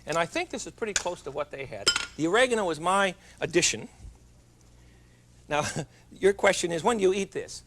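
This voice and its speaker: A man's voice: high-pitched, lively intonation, normal speed, heavy background noise. A middle-aged man hosting a television cooking show, chatty and jovial with joking asides as he demonstrates in a studio kitchen.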